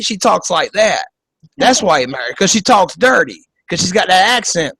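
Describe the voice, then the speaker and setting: A man's voice: sits high, animated, brisk, creaky, fairly bright tone, husky, no room sound, rough recording. A man hosting a podcast, giving casual political commentary in a profane, joking, rambling way over a video call. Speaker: podcast host.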